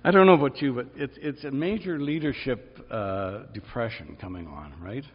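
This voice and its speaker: A man preaching a sermon, lively and conversational, acting out quoted cries in a high, strained voice. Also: normal speed, breathy edge, soft background music. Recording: dull sound, long reverb in a large hall.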